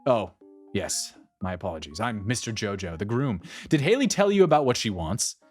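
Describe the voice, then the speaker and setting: A man's voice: on the low side, sing-song, normal speed. A man voicing a mild, apologetic young groom, with background music. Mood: puzzled. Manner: mild, apologetic, plain-spoken.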